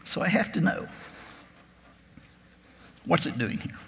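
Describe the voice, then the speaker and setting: A man's voice: fairly high pitch, animated, slow, gravelly, a bit bright, slight background noise. A man preaching a sermon, retelling a gospel story in a reflective, imaginative way. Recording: long reverb of a large hall.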